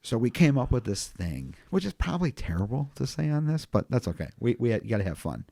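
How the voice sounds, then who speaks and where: A man's voice: mid-range voice, big pitch swings, fairly quick, vocal fry, warm tone, no echo. A man, a funeral home owner, chatting casually on a podcast and telling rambling stories with plenty of swearing. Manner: profane, rambling storyteller.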